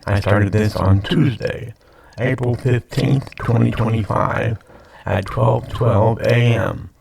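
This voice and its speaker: A man's voice: mid-range voice, fairly even intonation, takes it slowly, creaky, a little mellow, slight background noise. An older man with stuffy sinuses, rambling casually and repeating himself while talking to his computer camera at home. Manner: meandering, repeats himself, self-deprecating asides. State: sniffly, congested sinuses. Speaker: vlogger. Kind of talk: rambling late-night chat to camera. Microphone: computer webcam mic.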